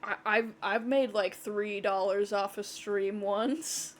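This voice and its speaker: A woman's voice: medium pitch, fairly even intonation, takes it slowly, slight background noise. A woman streamer chatting casually over a game, giggling often, rambling and swearing offhandedly. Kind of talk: casual chat over gameplay.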